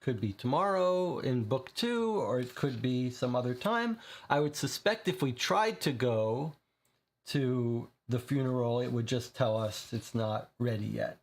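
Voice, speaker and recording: Reading a gamebook aloud with commentary, a man explains his choices to viewers as he plays. He speaks at medium pitch, animated but a little slow.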